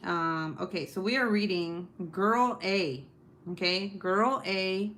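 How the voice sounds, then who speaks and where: A woman around thirty hosting a casual live stream, talking loudly with plenty of swearing and laughter. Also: medium pitch, takes it slowly. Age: 30s. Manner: loud and profane, laughing often. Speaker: host.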